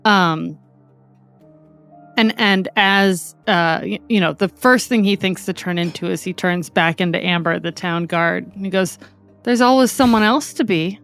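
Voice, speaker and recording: Woman, tabletop player, smooth clear voice, hesitant, soft music behind. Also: fairly low pitch, fairly even intonation, measured pace. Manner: hesitant, filler-heavy narration. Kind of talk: tabletop role-play.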